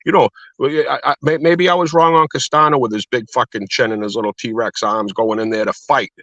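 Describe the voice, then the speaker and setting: A man's voice: medium pitch, fairly even intonation, a little fast, a bit bright, no echo. A man co-hosting a boxing chat show, swearing and arguing bluntly in rambling casual talk. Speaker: podcast co-host. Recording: dull lo-fi dry sound.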